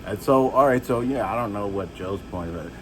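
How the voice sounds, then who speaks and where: A man telling rambling, halting stories about his childhood, jumping from one memory to the next. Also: background noise. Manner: rambling, halting, restarts and jumps between stories; shouts and jumps high when acting out others. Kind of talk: rambling personal storytelling.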